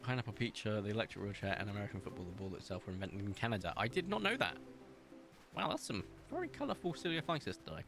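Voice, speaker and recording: Animated, chatty British man streaming. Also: fairly low pitch, fast talker, gravelly, over music. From Britain. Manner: chatty and animated, laughs often, reads chat aloud. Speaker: game streamer. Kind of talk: casual live-stream chat while gaming.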